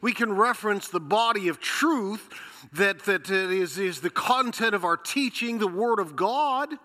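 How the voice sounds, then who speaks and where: A bright, fairly high-voiced man preaching in a church sanctuary, talking easily and posing questions to the room. He is getting over a cold, and his voice carries a long reverb from the hall. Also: animated, unhurried. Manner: conversational, storytelling with rhetorical questions. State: recovering from a cold. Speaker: pastor. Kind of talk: sermon.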